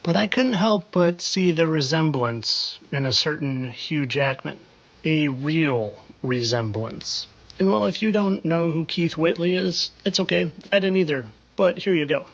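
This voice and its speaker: A man hosts a commentary video as an insinuating monologue, speaking knowingly and rhetorically and repeating phrases for effect. His voice is on the high side and animated, his pace measured, and the sound lo-fi.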